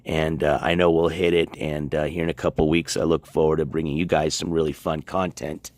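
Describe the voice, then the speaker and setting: A man hosting a casual livestream from his home and yard, chatting in a relaxed, rambling way with many fillers, recorded on a handheld phone. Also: very deep voice, brisk, no room sound. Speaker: livestream host. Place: at home, moving between yard and house. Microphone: handheld phone on a gimbal.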